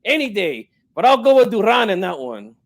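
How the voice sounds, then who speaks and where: Brash old boxing dad, streetwise slang, prickly pride, slightly high voice, as a man puts him on. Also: very animated, normal speed, gravelly, heavily acted. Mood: boastful. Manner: streetwise slang, tags every line with "eh" and "Holmes". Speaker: guest in character.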